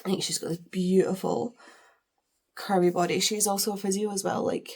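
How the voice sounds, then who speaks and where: A woman's voice: medium pitch, little pitch movement, normal speed, gravelly, breathy edge. A woman chatting casually while unboxing books, gushing, with lots of fillers. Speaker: book vlogger.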